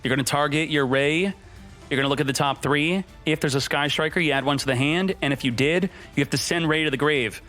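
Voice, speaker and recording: A man's voice: on the high side, a little fast, sharp tone. Hyped male streamer over faint music. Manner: hyped, jokey, talks to himself while playing. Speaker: gaming streamer. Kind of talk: excited gameplay commentary.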